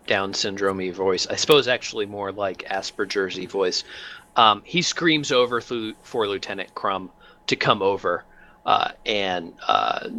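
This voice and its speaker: A man narrating as game master, talking in a halting way with many fillers. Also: low voice, bright, forceful tone.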